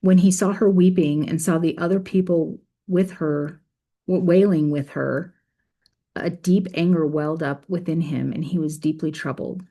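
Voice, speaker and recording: Woman, low gravelly voice, earnest reflective faith talk mixing scripture reading with casual commentary. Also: steady tone, moderate pace, dark tone. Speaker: faith video creator.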